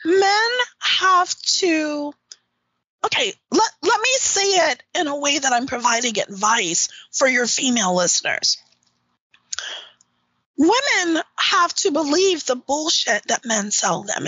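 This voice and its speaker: A high, bright woman's voice that swoops up and down as she talks. She is blunt, emphatic and freely profane, an outspoken dominatrix making her case in an interview. The sound is close and dry, with no room in it. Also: big pitch swings, a little slow, dry recording, poor audio. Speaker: dominatrix guest. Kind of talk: candid interview talk.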